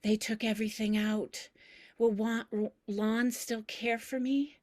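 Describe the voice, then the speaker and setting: Woman voicing a hoarse, frail old grandmother. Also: fairly high pitch, fairly even intonation, slow pace, a little mellow, pitched above the performer's own voice. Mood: whispered. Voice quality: hoarse whisper. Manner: wandering, tender, breathy. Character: frail, confused elderly grandmother in hospital.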